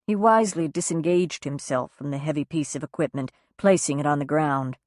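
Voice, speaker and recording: A woman reading a novel aloud as an audiobook narrator, acting out the dialogue with raised pitch and force. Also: fairly quick, few pauses, darkish tone, dry recording, clean studio sound. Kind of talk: scripted narration.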